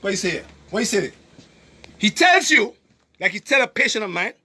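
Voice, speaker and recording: A man's voice: high-pitched, sing-song, a little fast, pauses often, bright, forceful tone, husky. A man with a Caribbean accent giving a preachy, emphatic health talk, repeating his points and quizzing the people listening. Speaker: health educator. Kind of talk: lively health talk to an audience.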